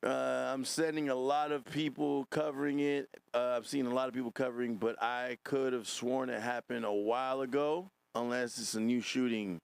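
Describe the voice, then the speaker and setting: A man's voice: mid-range voice, fairly even intonation, moderate pace, creaky, hardly any pauses, smooth, no echo. A man hosting a podcast, reacting to clips in casual commentary, laughing often and swearing.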